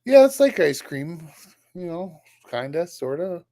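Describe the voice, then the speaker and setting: A man speaks bluntly from home over a video call, swearing casually and often answering briefly. His voice is gravelly and somewhat high, and the sound is dry, with no room echo. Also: sing-song, a little slow, warm tone. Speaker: guest YouTuber. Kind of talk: casual chat.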